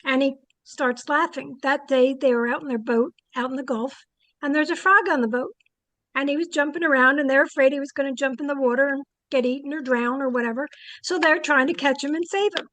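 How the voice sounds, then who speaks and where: Direction: high-voiced woman telling psychic anecdotes. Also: fairly quick, no room sound, rough recording. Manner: animated anecdotes with many fillers. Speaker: psychic guest. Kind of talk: storytelling interview answers.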